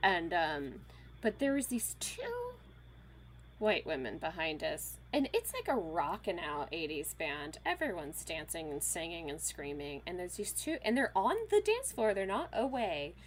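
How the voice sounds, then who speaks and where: Animated woman in her thirties telling stories. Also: lowish voice, unhurried, slight background noise. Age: 30s. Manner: animated, lively storyteller with many fillers. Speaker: podcast guest. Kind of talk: casual storytelling chat.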